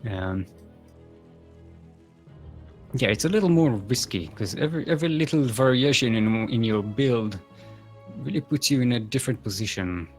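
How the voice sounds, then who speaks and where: Young male esports caster, animated and goofy, lots of ums, faint music bed. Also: medium pitch, moderate pace, long pauses. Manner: rambling, jokey, many fillers and restarts. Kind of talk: solo live game commentary.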